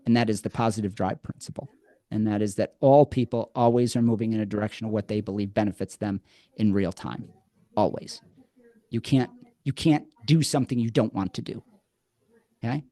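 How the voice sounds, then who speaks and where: A man telling his story as a podcast guest in a lively, conversational way. He restarts and repeats words and acts out quotes from the past. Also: lowish voice, fairly quick, no room sound. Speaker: podcast guest, addiction program co-creator.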